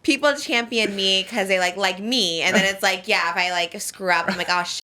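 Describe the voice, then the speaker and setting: A woman hosting a podcast in casual chat, gushing and quick, with lots of "like" fillers. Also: mid-range voice, fairly even intonation, bright, forceful tone. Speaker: podcast host.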